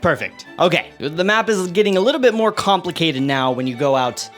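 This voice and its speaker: A young man with a bright, high-pitched voice gives a sarcastic, animated comedic commentary, pushing his voice up sharply for emphasis. Faint music plays underneath his close mic. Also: fairly quick. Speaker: online creator.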